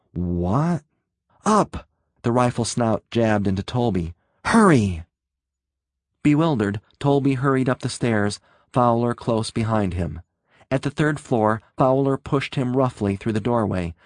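An audiobook narrator, a man with a lowish voice, reads a scripted story in a steady, measured way. The recording has clean studio sound with no room sound.

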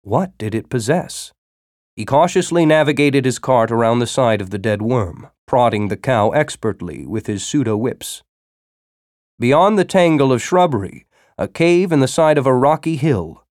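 A man narrating a science-fiction story as an audiobook, with expressive storytelling. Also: medium pitch, moderate pace, no room sound, clean studio sound.

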